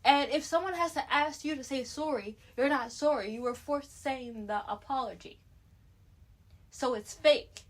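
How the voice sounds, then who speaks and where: A woman's voice: sits high, unhurried. A young woman with a Canadian accent recapping a reality show, talking straight to her viewers with blunt opinions. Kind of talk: casual chat.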